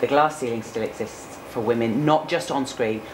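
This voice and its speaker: A woman's voice: rumbling low, moderate pace. A woman in her forties from Cornwall, a news presenter answering interview questions candidly and chattily, with fillers. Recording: echoey room with noticeable background noise.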